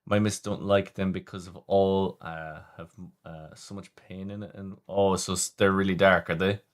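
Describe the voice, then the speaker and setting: A man's voice: low voice, level tone, normal speed. A man hosting a casual livestream, chatting with viewers in a rambling way, often stumbling and restarting. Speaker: livestream host reading chat.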